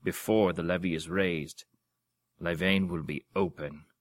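A man's voice: sits low, fairly even intonation, unhurried. A man doing a roaring old warrior duke. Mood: serious. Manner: roaring, blunt. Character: gruff old burly duke, blustering warrior.

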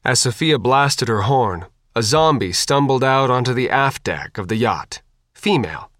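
A man's voice: mid-range voice, dry recording. Man narrating an audiobook, dry and close. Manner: even, measured storytelling.

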